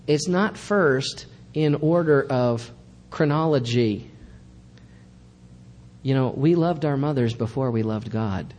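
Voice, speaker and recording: A male pastor delivers a sermon in a church, pressing his points with earnest, emphatic repetition. His voice is mellow and warm, and a faint rumble sits underneath it. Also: in a large hall.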